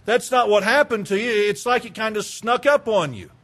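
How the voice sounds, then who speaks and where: A man's voice: high-pitched, normal speed, a bit bright. A man preaching a conversational sermon as a pastor, asking the congregation questions and acting out little everyday exchanges.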